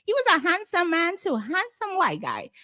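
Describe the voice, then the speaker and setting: A woman's voice: very high-pitched, moderate pace, dry recording, studio quality. A woman with a Guyanese accent, telling a story in casual talk and acting out the voices of the people in it. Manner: animated, acts out quoted voices. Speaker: guest.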